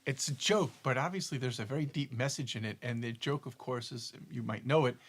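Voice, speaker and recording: A man co-hosting a spiritual discussion show, casually telling jokes with a deep lesson and often repeating words as he thinks. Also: fairly bright tone. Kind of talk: casual storytelling chat.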